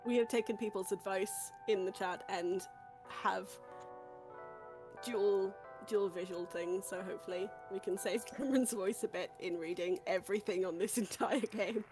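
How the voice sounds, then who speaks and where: A woman's voice: mid-range voice, normal speed, music in the background. A woman co-hosting a game stream in casual chat, talking hesitantly with many fillers.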